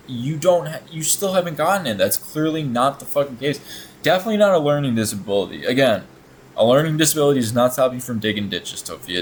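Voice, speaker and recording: A man's voice: mid-range voice, a little hiss or hum, low-quality recording. A man hosting a reaction video, talking casually in a blunt, sarcastic way and swearing often.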